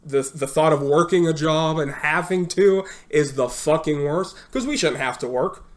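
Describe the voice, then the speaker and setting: A man's voice: a little high, moderate pace. A man co-hosting a podcast, joking, swearing and chiming in with laughs. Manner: joking, profane, chimes in and laughs. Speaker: podcast co-host. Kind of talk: casual chat.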